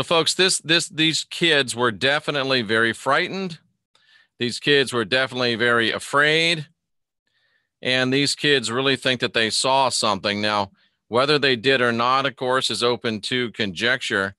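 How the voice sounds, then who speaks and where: A man with a bright, forceful voice hosts a live stream, reading an article aloud and chatting about it in a loose, rambling way. He breaks off to greet viewers by name, and the sound is dry and close. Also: mid-range voice, normal speed, no echo. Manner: reads an article aloud and comments on it. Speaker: host of a live Christian online show.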